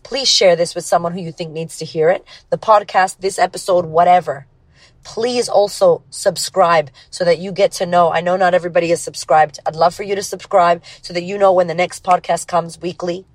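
A woman's voice: fairly low pitch, steady tone, fairly quick, dry recording. Blunt, profane podcast host woman. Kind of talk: casual motivational podcast monologue.

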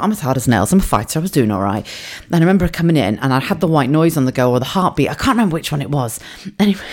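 A woman's voice: very deep voice, a little mellow. A woman in her forties hosting a solo podcast, telling stories in a chatty, earthy way. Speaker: podcast host. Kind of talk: casual solo podcast storytelling.

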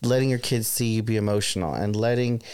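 A man in a casual podcast chat, speaking gently and supportively to a grieving friend. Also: fairly low pitch, quick pace, clean tone. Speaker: podcast host.

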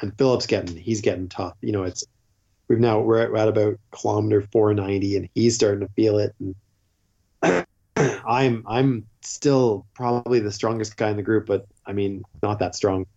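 A man who is a podcast guest, telling lively anecdotes in casual chat and swearing freely. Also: on the low side, normal speed. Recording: dull lo-fi podcast audio.

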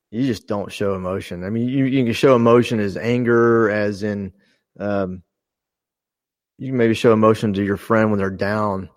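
A middle-aged man, a former fighter pilot, talking earnestly and haltingly on a podcast, with many pauses and restarts. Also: lowish voice, no room sound. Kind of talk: casual podcast conversation.

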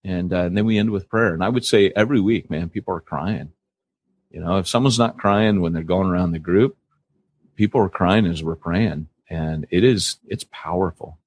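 Man, deep and a bit husky, chatty frank podcast host, dry recording. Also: normal speed, dry recording, muffled recording. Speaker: church planting podcast host. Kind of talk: candid podcast conversation.

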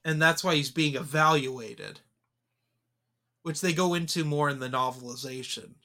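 A man talks through a movie in a casual podcast chat, opinionated and animated. His voice is bright and forceful and sits a bit high for a man. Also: moderate pace. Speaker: podcast co-host. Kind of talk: casual film discussion.

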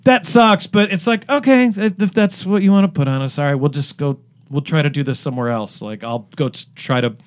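A man's voice: fairly high pitch, fairly quick, smooth. A middle-aged man from Cleveland, a guest musician telling long stories in a casual interview, full of fillers and restarts. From Cleveland, Ohio. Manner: rambling with many fillers and restarts.

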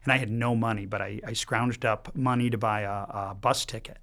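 Lively, chatty man with restarts. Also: medium pitch. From Michigan, United States. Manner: lively, talks in quick bursts with many restarts. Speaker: priest guest. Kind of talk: casual storytelling chat.

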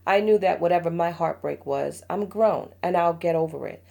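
Middle-aged mother as podcast host, low gravelly voice, heartfelt and confiding. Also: normal speed. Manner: warm storytelling, emotional, laughs often. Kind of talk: heartfelt parenting podcast talk.

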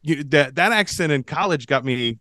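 Quick, joking man in casual chat. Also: a little high, expressive, pushed and bright, no echo. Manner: quick, restarts and stumbles, jokey. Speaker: podcast producer and co-host.

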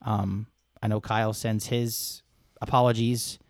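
A man's voice: lowish voice, flat delivery, measured pace, gravelly, no room sound, clean studio sound. A man co-hosting a casual podcast, rambling and joking as he chats with his co-host.

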